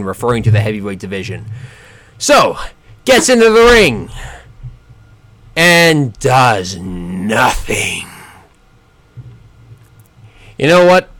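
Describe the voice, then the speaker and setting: A man giving casual solo boxing commentary, sarcastic and animated, often stumbling and restarting his sentences. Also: a little high, no room sound.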